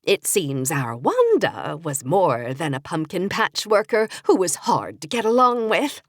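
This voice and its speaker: A woman reading a cozy mystery audiobook in the first person, with wry, lively storytelling. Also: fairly low pitch, measured pace, no echo, clean studio sound. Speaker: audiobook narrator.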